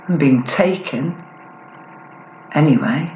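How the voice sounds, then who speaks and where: A woman performing spoken-word poetry with a defiant, deliberate, drawn-out delivery. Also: deep voice, darkish tone, dull audio, a little hiss or hum. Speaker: performance poet. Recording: echoey room.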